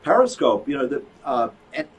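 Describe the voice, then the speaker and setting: A psychologist hosts a live broadcast from an office, chatting in a rambling, joking way and often restarting his sentences. His medium-pitched voice is sing-song at a normal speed, and the recording is faint and distant with a little noise.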